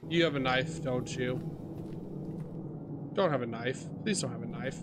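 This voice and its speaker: A man's voice: medium pitch, a little slow, long pauses, heavy background noise. A man commentating on his own horror game play, jumpy and swearing, talking back to the characters on screen. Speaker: gaming streamer.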